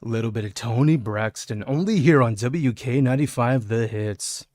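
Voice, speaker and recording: A man doing a smooth late-night radio DJ. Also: mid-range voice, normal speed, a little mellow, no echo, clean studio sound, lightly acted. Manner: announcer patter.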